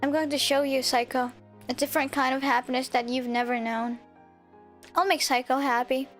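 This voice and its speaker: A woman's voice: high-pitched, steady tone, normal speed, natural voice. A woman voicing an earnest, protective young male protagonist, reading a visual novel aloud with firm, determined promises. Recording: faint game music behind.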